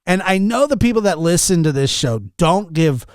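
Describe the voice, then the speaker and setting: Animated man telling a story on a podcast. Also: sits high, moderate pace, clean tone, dry recording. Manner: animated, exasperated storyteller acting out quotes. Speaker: podcast host.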